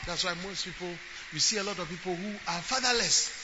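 A man preaches in a strikingly high voice, swinging from conversational storytelling into forceful, shouted emphasis. The sound is muffled and lo-fi, with a clear wash of noise behind him. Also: fast. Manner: emphatic preaching, rising to shouts and acting out quotes. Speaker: bishop and preacher. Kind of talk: sermon. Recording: lo-fi with steady background noise.

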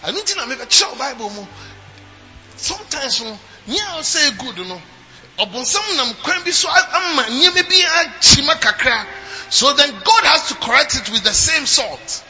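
A man with a Ghanaian accent preaching a sermon, moving between quiet teaching and shouted declarations to his congregation. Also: extremely high pitch, big pitch swings, normal speed, muffled recording. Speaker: pastor. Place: church service. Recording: live church with music and congregation. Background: instrumental music and congregation.

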